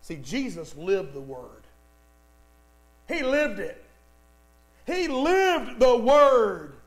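A man's voice: extremely high pitch, big pitch swings, very slow, poor audio. A man preaching a sermon, emphatic, repeating lines for stress and speaking straight to the congregation. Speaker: pastor.

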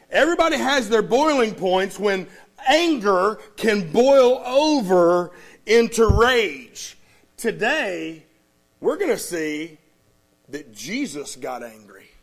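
A man preaching a sermon. He tells stories in a lively way and calls out to the congregation. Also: high-pitched, a little slow. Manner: lively storytelling with call-outs to the congregation. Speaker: pastor.

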